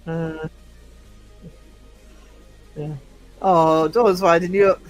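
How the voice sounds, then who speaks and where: Speaking extremely slowly with fairly even intonation, a man with a fairly high pitch chats to his livestream viewers, answering their comments. He's English, with a Northeast accent, and his manner is rambling and teasing, full of fillers. Faint music underlies the rough recording.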